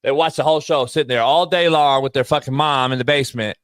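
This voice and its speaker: A man's voice: medium pitch, steady tone, fast, clear, resonant tone, dry recording, clean studio sound. A man hosting a live sports talk show, ranting brashly and swearing freely.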